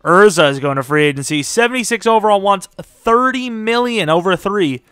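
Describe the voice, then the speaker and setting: A man's voice: sits high, lively intonation, fairly bright tone, clear, resonant tone, dry recording, clean studio sound. A young man giving casual, joking commentary while playing a football management game. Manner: chatty, joking, quick reactions. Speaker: gaming commentator.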